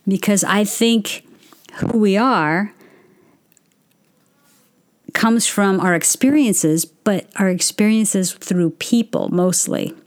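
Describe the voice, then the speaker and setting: A woman's voice: medium pitch, slow pace, pauses often. A middle-aged woman casually chatting and telling stories to viewers, answering their questions. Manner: chatty, storytelling, self-interrupting. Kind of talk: casual livestream chat.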